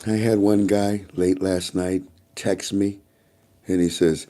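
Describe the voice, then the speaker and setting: A man with a lowish voice talks straight to his viewers in a loose, wandering monologue. His tone is dark and mellow, and he circles back to say the same things again and again. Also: level tone, takes it slowly. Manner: repeats himself often; chatty and preachy, asides to viewers. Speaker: YouTube vlogger. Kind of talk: casual rambling monologue to viewers.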